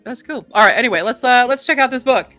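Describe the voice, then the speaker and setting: A woman's voice: a little high, fast talker, pushed and bright, no room sound. Casual female book host, giggly, reads blurbs aloud, faint music under. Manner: chatty, laughs often, reads aloud. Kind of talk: casual chat.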